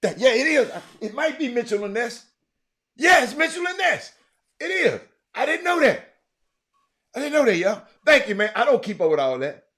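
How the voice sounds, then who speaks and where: A middle-aged man hosts a casual live show and talks straight to his viewers. His voice sits high and swings widely up and down. He teases, stacks up repeated words and bursts into shouts. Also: very animated, normal speed. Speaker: show host.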